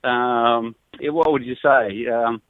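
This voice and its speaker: An Australian local radio presenter chats easily and laughs often on a phone call going into a live stream. His mid-range voice is steady, slow, clear and resonant, coming through a tinny, dry phone line with no echo.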